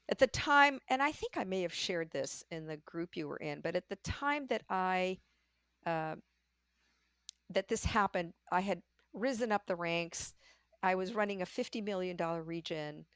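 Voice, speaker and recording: An older woman, a podcast guest, telling candid stories about her career in a lively way and acting out the voices she quotes. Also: fairly low pitch, moderate pace, dry recording, clean studio sound. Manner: lively storyteller who acts out quoted voices. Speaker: podcast guest, leadership coach. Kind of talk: candid conversational storytelling.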